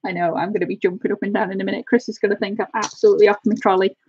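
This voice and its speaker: A woman chatting excitedly on a live stream, gushing and thanking her viewers by name. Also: medium pitch, rapid-fire, breathy edge, no echo, dull audio. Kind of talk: casual live-stream chat.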